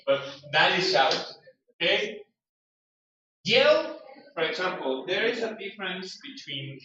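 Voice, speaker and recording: A high, bright-voiced man teaches a class slowly, reading words and explaining them. He is heard from far across a very echoey classroom, and the sound is dull and lo-fi. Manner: reads word lists aloud, explains with acted examples. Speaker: English teacher. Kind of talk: classroom vocabulary lesson.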